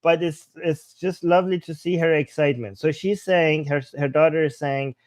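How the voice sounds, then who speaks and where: A man's voice: fairly high pitch, moderate pace, dry recording. Laughing man translating Persian clips. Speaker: political commentator. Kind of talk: casual commentary translating clips.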